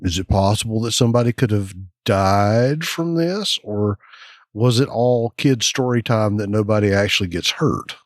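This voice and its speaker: A man's voice: on the low side, normal speed, no echo, clean studio sound. A man co-hosting a casual podcast, speculating and musing aloud. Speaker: podcast co-host.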